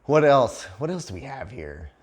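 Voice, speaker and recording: A man's voice: medium pitch, very animated, normal speed, breathy edge. A man telling a casual story for a vlog, laughing often, swearing freely and acting out other people's voices. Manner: laughing often, loose and profane, acts out voices. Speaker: vlogger. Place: living in Cambodia.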